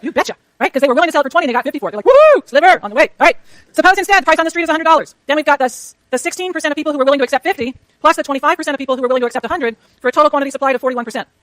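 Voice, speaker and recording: A woman lecturing a university economics class, rushing through clicker questions and talking to herself as she works her slides. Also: sits high, a bit bright, no room sound. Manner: rapid, chatty, self-talk while working slides. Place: lecture hall.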